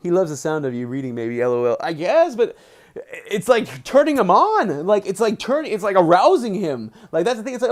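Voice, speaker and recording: Young man, slightly high pitch, excitable, rambling, filler-heavy, casual streamer reading aloud. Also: normal speed. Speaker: live streamer. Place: indoors at home, settled under a blanket.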